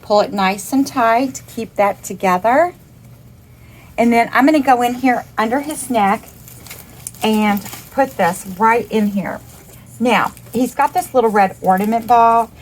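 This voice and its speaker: A woman's voice: fairly high pitch, measured pace, low-quality recording. A woman giving a step-by-step craft demonstration, chatty and upbeat as she works through each step. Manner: chatty, upbeat, calls things cute. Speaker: craft instructor.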